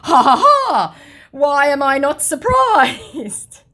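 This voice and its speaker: Cackling mocky scammer dude, squeaky high and bouncy, a woman putting him on. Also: big pitch swings, slow, pushed and bright, heavily acted. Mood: mocking. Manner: taunting, cackling. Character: mocking young male online scammer.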